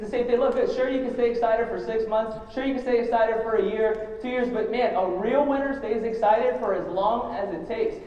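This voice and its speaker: Guy in his 20s giving an emotional rally speech, near tears, dull boomy hall sound. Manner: fervent, rallying the crowd with questions. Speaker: motivational speaker at a company event. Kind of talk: motivational stage speech. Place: large event hall. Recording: echoey hall from far off, dull.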